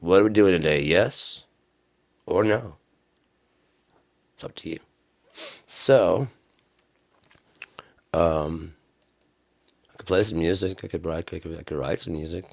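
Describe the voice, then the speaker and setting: A man chatting on a live stream about music practice, rambling and sarcastic, sometimes breaking into mock-angry yelling. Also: sits low, takes it slowly, vocal fry, pauses often.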